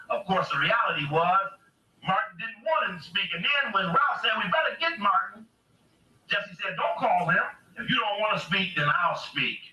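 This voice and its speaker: A man's voice: sharp tone, reverberant, far from the mic, low-quality recording. A man giving an impassioned lecture, asking rhetorical questions and reading quotes aloud from books. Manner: emphatic, rhetorical questions, acts out quotes with rising pitch. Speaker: speaker reading from books to a camera.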